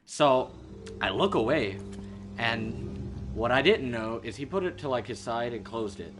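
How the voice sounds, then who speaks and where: A man from Georgia, telling an animated, swearing story on a game stream. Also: mid-range voice, a little slow, noisy background. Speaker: stream guest.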